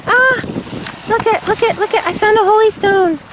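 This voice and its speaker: Woman vlogger, very high voice, gushing and gasping, handheld camera on a windy beach, heavy wind noise. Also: moderate pace. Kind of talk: casual vlog narration. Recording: loud wind noise outdoors. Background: wind and water.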